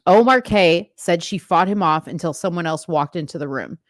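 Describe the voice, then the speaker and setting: At a moderate pace, a woman with a fairly low pitch reads news aloud on a livestream, with no room sound. Between stories she comments to the live chat, chatty, filler-heavy, and talking directly to her viewers.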